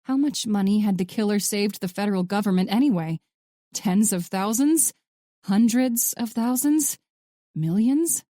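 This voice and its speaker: A woman narrating a thriller audiobook in a steady, sardonic storytelling voice. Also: mid-range voice, a little slow, dry recording, clean studio sound.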